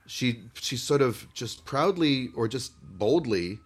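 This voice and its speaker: A man with an ordinary mid-range voice co-hosts a podcast. He talks earnestly, pausing and restarting as he searches for words. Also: mid-range voice, expressive. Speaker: podcast co-host. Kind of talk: casual podcast discussion.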